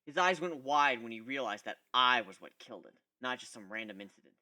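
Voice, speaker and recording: A man giving an expressive first-person dramatic reading of a fan fiction story. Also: medium pitch, fairly quick. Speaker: reader.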